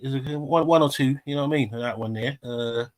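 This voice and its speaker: A man's voice: medium pitch, fairly quick, dry recording. A Jamaican man, chatting on a live panel in a laid-back, slangy way, getting defensive as he jokes. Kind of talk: casual panel chat.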